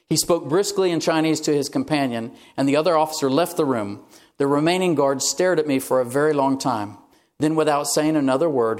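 A male pastor delivering a sermon, telling a story in a conversational way and reading quoted passages aloud. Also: medium pitch.

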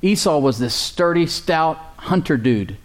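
A man's voice: fairly high pitch, animated, a little slow. Man preaching with call-and-response. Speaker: pastor. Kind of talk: sermon.

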